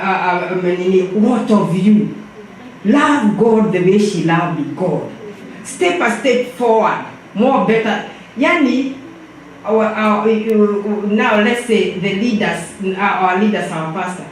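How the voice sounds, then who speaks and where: A woman's voice: fairly high pitch, a little hiss or hum. An older woman with a Kenyan accent speaking fervently and preacher-style at a memorial service, heard from far off in an echoey church hall. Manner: fervent, preacherly, repeats "praise the Lord".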